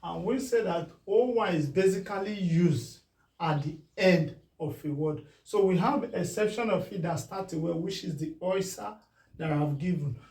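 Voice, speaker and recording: A man teaching a beginners' spelling lesson, repeating each word slowly and often asking whether it is clear. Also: high voice, a little mellow. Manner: slow and deliberate, repeats words and checks understanding. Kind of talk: classroom phonics lesson. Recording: echoey room, voice from a distance.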